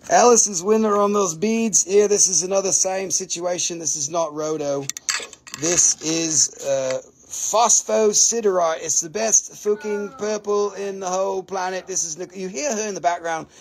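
Excitable high-pitched gravelly man. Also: moderate pace, a little hiss or hum. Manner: excitable, swears freely, laughs often; non-native English grammar. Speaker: host selling crystals on a live stream. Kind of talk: casual live sales chat.

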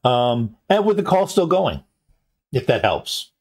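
A man narrating a tabletop game as game master at a live convention show, halting with many ums and restarts. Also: medium pitch, very animated, a little mellow.

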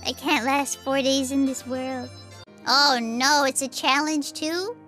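A woman streaming games live, talking excitably with frequent giggles and dramatic outbursts. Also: high-pitched, slow, faint music behind. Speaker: game streamer. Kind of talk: live gameplay commentary.

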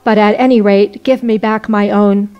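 A woman's voice: medium pitch, steady tone, moderate pace, darkish tone, smooth, highs cut off, faint music behind, close to an everyday voice. A woman reading as an indignant peasant man. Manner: indignant, demanding. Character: angry drunken peasant man.

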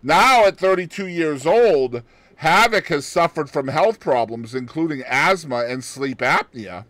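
A male podcast co-host chats casually, reading a news story aloud and breaking off for laughs and joking remarks. His voice sits somewhat high and moves through a wide, animated range. The sound is dry and close, with no room echo. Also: unhurried.

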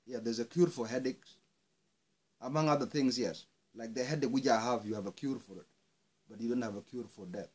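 A man from South Sudan, airing grievances, delivers an angry, impassioned monologue full of swearing that rises into outbursts. His mid-range voice is husky, a little mellow, and fairly quick.

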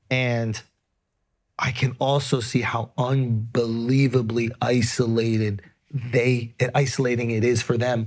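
A man's voice: medium pitch, darkish tone. A man talking earnestly and emphatically in a casual podcast conversation, swearing freely. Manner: emphatic, earnest, frequent profanity. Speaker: podcast guest. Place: podcast studio.

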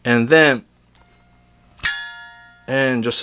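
A man's voice: medium pitch, sing-song, unhurried, background noise. A man teaching guitar tricks in a casual, unedited way, chatty and full of fillers and restarts.

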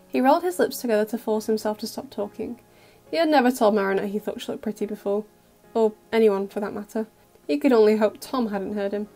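A woman narrating a fan audio story in a gentle, even storytelling voice. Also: on the high side, fairly quick, soft background music. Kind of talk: scripted narration.

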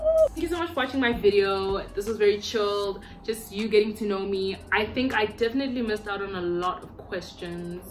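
A South African YouTuber in her twenties chats to the camera from her bedroom at home, playful and talkative, slipping into silly voices. Her voice is medium in pitch, with background noise and faint music behind her.

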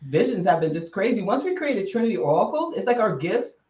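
Lively lady guest, lots of laughing, far off mic in an echoey room, kinda muffled. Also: medium pitch, fairly quick. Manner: animated storyteller, laughs often. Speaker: psychic guest. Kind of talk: casual interview chat. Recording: distant roomy remote call audio.

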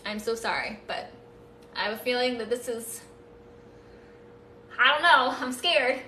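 A woman's voice: on the high side, unhurried, pushed and bright, far from the mic, a little hiss or hum. A woman hosting a casual live stream, chatting with viewers and thanking them, with playful nervous laughs. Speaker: livestream host. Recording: echoey room, voice off-mic.

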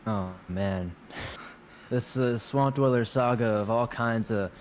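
A man's voice: medium pitch, takes it slowly, slight background noise. A man with a light Southern American accent, a guest narrator chatting casually and laughing as he acts out other people's lines. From Southern United States. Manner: laid-back, laughing, acts out quoted voices. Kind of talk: casual interview chat.

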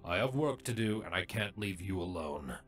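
A man voicing a harsh older male changeling drone, with a sneering, gruff and clipped delivery in a storybook reading. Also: low-pitched, animated, normal speed, fairly bright tone, soft background music.

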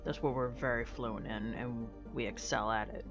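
A woman's voice: rumbling low, fairly even intonation, normal speed. An American woman live-streaming, chatting casually with her viewers in a candid, profane, self-mocking way. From United States. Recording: dull lo-fi stream audio. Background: faint music.

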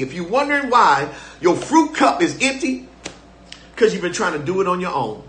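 A man's voice: high-pitched, big pitch swings, normal speed, a bit bright, roomy sound. An older man preaching a live-streamed sermon as pastor, fervent and repetitive, calling on listeners to respond.

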